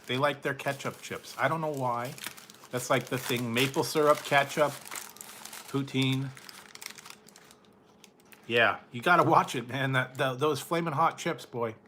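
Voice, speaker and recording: A man's voice: mid-range voice, a little slow, pauses often, bright, forceful tone, slight background noise. A man talking casually as a food reviewer, rambling and trailing off with frequent chuckles. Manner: rambling, laughs often, trails off. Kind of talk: casual late-night chat.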